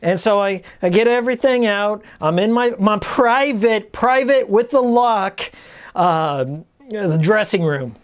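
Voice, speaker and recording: A man's voice: high-pitched, lively intonation, unhurried. A male streamer telling a crude, exasperated story in a casual, profane rant. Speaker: streamer host. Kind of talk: casual ranting anecdote.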